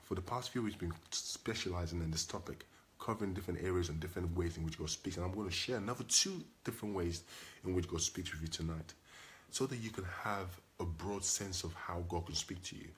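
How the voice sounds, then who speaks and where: Deep-voiced man preaching emphatically. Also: fairly quick, slight background noise. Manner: emphatic, repetitive preaching with call-and-response questions. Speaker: pastor. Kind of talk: sermon.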